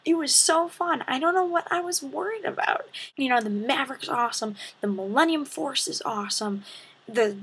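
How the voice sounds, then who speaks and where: A teenage girl telling a story to her vlog audience in a lively, dramatic way, with whispered asides. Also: high voice, normal speed. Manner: animated, dramatic retelling with breathy asides. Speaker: vlogger. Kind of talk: casual storytelling to camera.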